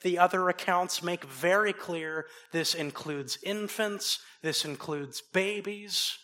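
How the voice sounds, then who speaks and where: A man preaching a sermon, swinging from loud emphasis down to low, soft asides. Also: takes it slowly. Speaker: pastor.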